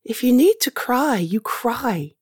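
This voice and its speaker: A woman performing a comfort audio role-play, speaking gently and reassuringly to the listener and sometimes dropping into a whisper. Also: a little high, expressive, slow pace, slightly rough, dry recording, clean studio sound.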